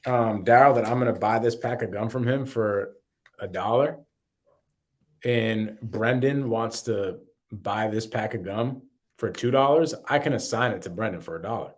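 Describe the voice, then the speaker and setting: A man's voice: fairly low pitch, normal speed. A man co-hosting a casual real estate talk show, talking loosely in slang and often repeating his words as he goes. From Boston. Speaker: co-host. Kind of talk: casual podcast chat.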